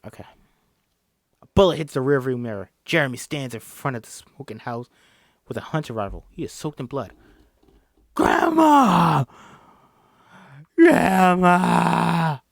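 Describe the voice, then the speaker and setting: A man's voice: medium pitch, brisk, no room sound, studio quality. A man reading a film script aloud in a casual way, often stumbling, correcting himself, and apologizing. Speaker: script reader.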